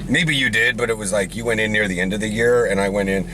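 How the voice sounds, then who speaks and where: A man chatting casually in a car, joking with quick asides. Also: fairly low pitch, background noise. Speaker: vlogger, football player. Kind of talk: casual chat.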